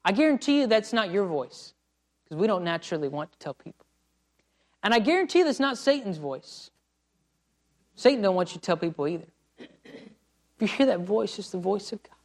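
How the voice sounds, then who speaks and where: A male missionary preacher delivers a sermon with fervor. He builds to loud, pleading cries, then drops to a hushed, low voice. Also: big pitch swings, normal speed, pauses often. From United States. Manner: impassioned, rising to pleading cries and dropping to quiet.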